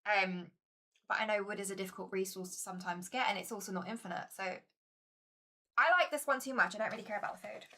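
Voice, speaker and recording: A woman's voice: mid-range voice, quick pace, sharp tone. A woman chatting casually to her viewers while playing a board game, chatty and self-mocking.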